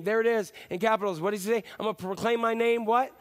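A man preaching a sermon in a conversational, animated way, often acting out quotes in different voices. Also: high-pitched, quick pace. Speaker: pastor.

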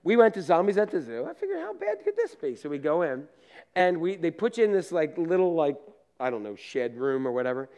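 A male pastor preaching casually, telling lively personal stories, acting out scenes and laughing at himself, with asides to the congregation. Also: mid-range voice. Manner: animated storyteller, acts out scenes and laughs at himself.

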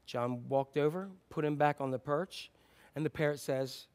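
A man's voice: on the high side, fairly even intonation, moderate pace, darkish tone, clear, resonant tone. A man preaching a sermon as pastor, telling a story in a conversational way with fillers and restarts.

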